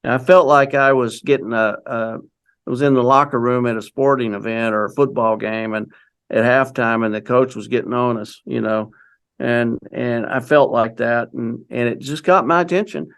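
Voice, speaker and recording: Gravelly-voiced man telling his story. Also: medium pitch, fairly even intonation, moderate pace, a bit bright. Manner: rambling, with many restarts and quoted dialogue. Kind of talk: casual storytelling.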